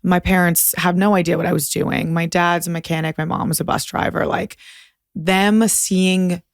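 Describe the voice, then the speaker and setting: A woman's voice: fairly low pitch, steady tone, moderate pace, creaky, no echo, clean studio sound. A young woman from Boston with a light Boston accent, a guest talking frankly in a casual interview, with lots of filler "like"s. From Boston, USA. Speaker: podcast guest.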